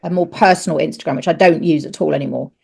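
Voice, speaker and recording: A woman's voice: deep voice, fast, gravelly, warm tone, breathy edge. A middle-aged woman and actress, a podcast guest who candidly tells a personal story, frankly swearing and acting out the dialogue in raised voices.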